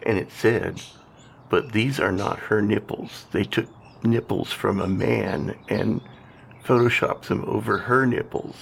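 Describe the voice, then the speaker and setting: Deep gravelly man, dry podcast talk. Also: fairly even intonation, a little slow, a little hiss or hum. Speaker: podcast co-host. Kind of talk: casual conversation.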